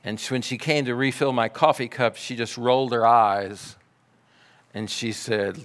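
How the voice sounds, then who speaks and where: A man preaching a sermon, telling a story in a measured way and dropping to soft, quiet passages. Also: mid-range voice, steady tone. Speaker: pastor.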